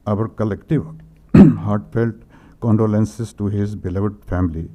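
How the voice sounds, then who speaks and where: An older man, reading condolence messages at a memorial, hesitant and emotional, often clearing his throat. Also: lowish voice, steady tone, takes it slowly, warm tone, muffled recording. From India. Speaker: speaker at a memorial tribute.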